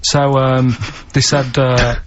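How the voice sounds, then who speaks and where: A man telling odd stories in a slow, halting, deadpan way during casual radio chat. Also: mid-range voice. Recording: slightly dull radio studio sound, faint hiss.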